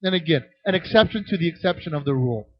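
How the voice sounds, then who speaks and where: A man with a fairly high voice leads a children's ministry workshop and fields questions from the audience. He talks in an animated way and often restarts his sentences. The recording is dry and dull, like a lo-fi conference tape. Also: quick pace, no echo. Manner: animated, acts out voices in anecdotes, frequent restarts.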